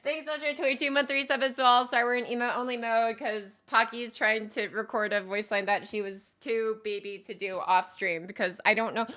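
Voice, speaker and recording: Giggly, bright-voiced woman streamer. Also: fairly high pitch, fairly even intonation, normal speed, few pauses. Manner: giggly, self-conscious, rambling with many fillers. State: strained voice. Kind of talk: casual live-stream chat.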